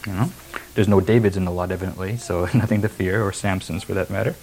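A man's voice: low voice, fairly even intonation, fast, a little mellow, slight background noise, poor audio. A man preaching a sermon, reading verses and then explaining them emphatically. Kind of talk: sermon expounding scripture.

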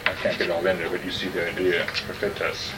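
Deep-voiced man teaching Greek grammar. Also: little pitch movement, quick pace. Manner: patient, explanatory, quizzes the class. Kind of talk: classroom lecture. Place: classroom. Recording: distant mic, noisy room.

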